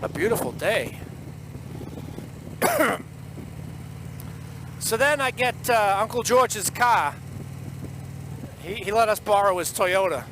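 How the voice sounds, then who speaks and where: A man's voice: sits high, animated, unhurried. A man with a Boston accent, telling a rambling, chatty story in a casual vlog recorded outdoors on the road. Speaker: vlogger. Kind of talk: casual vlog while riding. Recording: outdoor traffic noise.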